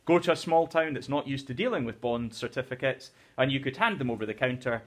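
A teacher with a mid-pitched voice, reading a novel's narration and then explaining it step by step. His talk is conversational, loose and full of small restarts, as in a recorded lesson. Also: quick pace. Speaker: English teacher.

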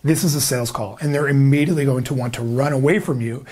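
A man giving a sales training lesson, emphatic and energetic, acting out prospects' replies. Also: mid-range voice, fast, breathy edge. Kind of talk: instructional talk to camera.

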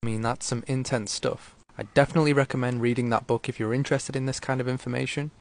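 A man's voice: mid-range voice, fairly even intonation, quick pace. A man hosting a video, narrating in a casual, conversational explainer style with rhetorical asides, faint music behind him.

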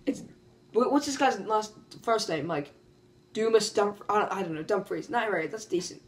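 A woman giving casual, excitable commentary as she opens card packs, calling out reveals and laughing often. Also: mid-range voice, moderate pace. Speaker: gaming YouTuber. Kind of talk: casual pack-opening commentary. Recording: faint background music.

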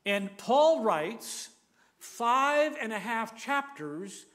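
A man's voice: extremely high pitch, sing-song, drawn-out words, a bit bright. A man preaching a sermon, emphatic and repetitive, leading the listeners to say lines back with him. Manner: emphatic, repeats key phrases, leads the audience in repeating lines.

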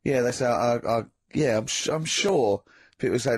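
A man with a mid-pitched voice, recorded close and dry. He muses in a wry, rambling way, with plenty of restarts as he thinks aloud. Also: moderate pace, slightly rough, no echo. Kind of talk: casual podcast chat.

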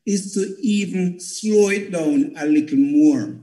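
An older Jamaican man, a theatre producer, makes his case on a panel with earnest repetition. His voice sits high for a man. The recording carries a roomy echo. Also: slow pace, dark tone. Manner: earnest, explanatory, repeats points for emphasis. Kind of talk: panel discussion.

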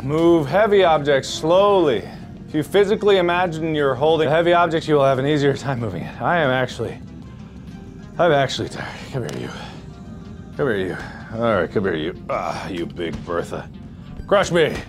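Animated, yelping man playing VR. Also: medium pitch, normal speed, pauses often, over music. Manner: animated, yelps and jokes while playing VR. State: winded from moving. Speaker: gaming YouTuber. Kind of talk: let's play commentary.

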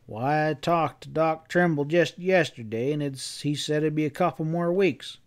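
A man's voice: fairly high pitch, normal speed, natural voice. A man voicing a grim, angry leader of a frontier posse, who talks in blunt, threatening folksy speech.

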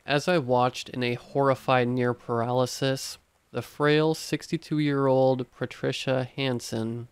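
Brief: male narrator for scripted horror reading, steady delivery, dry close sound. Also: medium pitch, a little slow, smooth, no echo.

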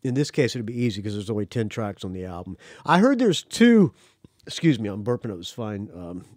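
A man's voice: fairly low pitch, steady tone, fast, darkish tone, no room sound, studio quality. A man hosting a podcast in casual chat, rambling and teasing his guest. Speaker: podcast host.

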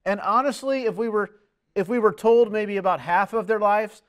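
Male preacher with a high voice, earnest and emphatic, mid-sermon. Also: normal speed, clear, resonant tone. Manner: earnest, emphatic, lively swings in pitch and loudness.

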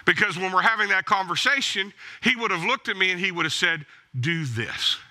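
A man's voice: sits high, fast talker, pushed and bright. A male pastor preaching a sermon in an emphatic, exhorting way, driving points home with blunt repeated commands. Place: church.

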